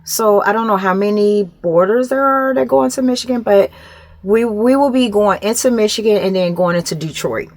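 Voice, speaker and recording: Animated woman vlogger telling a story. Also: medium pitch, normal speed, no room sound. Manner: animated retelling, acts out other voices. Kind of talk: casual storytelling to camera.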